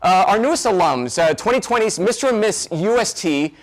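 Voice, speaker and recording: A man's voice: high-pitched, lively intonation, fairly quick. A man hosting a virtual fundraising event, effusive and full of thanks. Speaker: event host.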